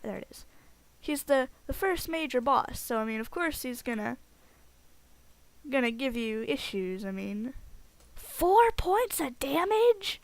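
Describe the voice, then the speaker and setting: Chatty woman narrating her gameplay. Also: high voice. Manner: chatty, rambling, excitable at game events. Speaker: let's play host. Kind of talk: casual gameplay commentary.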